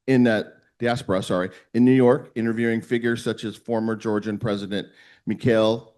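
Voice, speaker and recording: A man's voice: medium pitch, darkish tone. A man hosts an event and reads out the introduction of the next speaker. He trips over foreign names and words and backs up to correct himself as he goes.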